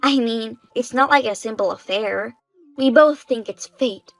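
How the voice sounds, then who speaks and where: A woman's voice: a little high, measured pace, gravelly, dry recording, low-quality recording. A woman voicing a shameless young bride-to-be who stays smug and unbothered.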